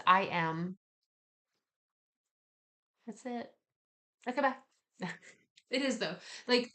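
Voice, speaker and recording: A woman speaks in an easy, conversational way as she guides listeners through a spiritual practice. Her delivery is gently encouraging, with slangy asides mixed in. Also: medium pitch. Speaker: spiritual wellness teacher. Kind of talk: casual spoken guided talk.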